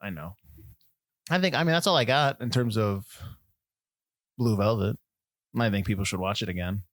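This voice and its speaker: A man co-hosting a casual film podcast, animated, jumping into quick impressions of movie lines. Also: lowish voice, no room sound, clean studio sound. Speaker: podcast co-host.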